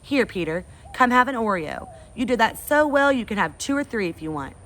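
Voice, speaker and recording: A woman's voice: a little high, big pitch swings, fairly quick, fairly bright tone, slight background noise, pitched above the performer's own voice. A woman voicing a sweet young woman who coaxes a child in a sing-song way. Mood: coaxing.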